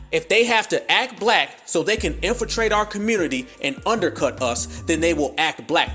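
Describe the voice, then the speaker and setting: A man's voice: a little high, a bit bright. A man hosting a podcast, giving blunt, profane, combative commentary. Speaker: podcast host.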